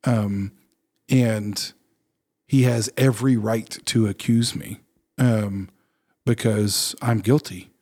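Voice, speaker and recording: A man's voice: fairly low pitch, steady tone, slow, pauses often, dark tone. Earnest reflective male pastor. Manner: earnest, reflective, many fillers and restarts. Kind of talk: casual faith podcast chat.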